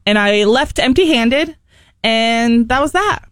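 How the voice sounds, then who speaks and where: Female radio co-host, playful and laughing, lively pitch swings, dry studio mic. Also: slow, no echo. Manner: expressive, laughs often, playful. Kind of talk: casual on-air storytelling.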